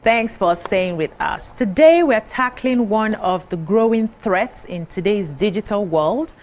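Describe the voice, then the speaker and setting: A woman presenting a live TV talk show, speaking in a clear, measured, welcoming way. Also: mid-range voice, expressive, darkish tone.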